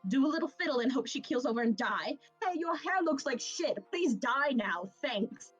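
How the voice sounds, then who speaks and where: A woman's voice: fairly high pitch, lively intonation, normal speed, highs cut off, soft background music. A woman voicing a snide, insulting man who is half bard and half wizard, in a tabletop game. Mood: scornful. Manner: sneering, indignant.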